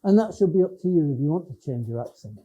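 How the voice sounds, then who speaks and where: An older man from the Lake District in England, an education professor with a Cumbrian northern English accent, gives a conversational public lecture full of restarts and hesitations. His fairly high voice is expressive and warm, and he talks fast, captured in a dull lo-fi lecture recording.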